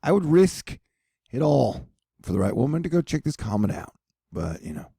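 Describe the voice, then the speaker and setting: A man giving a casual, joking weather update to his viewers, rambling off topic and speaking warmly to them. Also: mid-range voice, very animated, normal speed, gravelly, breathy edge, dry recording, studio quality. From United States. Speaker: weather vlogger.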